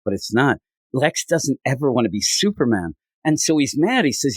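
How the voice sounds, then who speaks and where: With a husky voice at a moderate pace, a podcast host casually recaps a comic, performing characters' lines through big pitch jumps. The recording carries no room sound.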